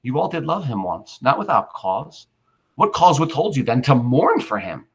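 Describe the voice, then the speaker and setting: Mark Antony, read by a husky-voiced man. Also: mid-range voice, very animated, heavily acted. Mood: sorrowful. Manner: measured, rhetorical dramatic reading. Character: grieving, cunning Roman orator addressing crowd. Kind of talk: reading a play aloud in class.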